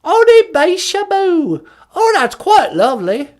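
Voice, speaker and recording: A man voicing a very old queen phoning from heaven, in a high wavering falsetto with a put-on posh English accent. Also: huge pitch swings, measured pace, a little mellow, full character voice. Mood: prim.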